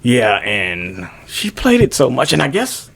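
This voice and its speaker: A middle-aged man co-hosting a podcast, swearing freely in casual, animated banter. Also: mid-range voice, unhurried, gravelly, husky. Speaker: podcast co-host. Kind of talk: casual chat.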